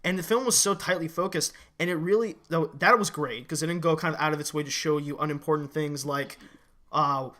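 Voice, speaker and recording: A man co-hosting a casual movie review chat, excitable and blunt, swearing freely and talking in quick bursts. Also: fairly high pitch.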